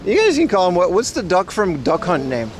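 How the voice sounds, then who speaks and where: A man's voice: high voice, huge pitch swings, a little fast, a little hiss or hum. A man in his thirties hosting a casual livestream outdoors on city streets, rambling and answering viewer chat while biking. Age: 30s. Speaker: livestream host.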